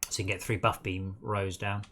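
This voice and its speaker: A man with a fairly low voice and a bright, forceful edge talks through a co-op game. He is chatty and self-mocking, calling out enemies and telling his teammates what to do. There is a faint hiss behind him. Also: little pitch movement, a little fast. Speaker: streamer coordinating a co-op game. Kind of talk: casual gameplay chat.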